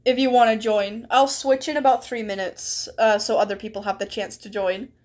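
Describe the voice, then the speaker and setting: A woman's voice: on the high side, steady tone, normal speed, darkish tone. A young woman streaming live in casual chat, reading a chat log aloud and laughing often as she talks. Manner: giggly, laughs often mid-sentence.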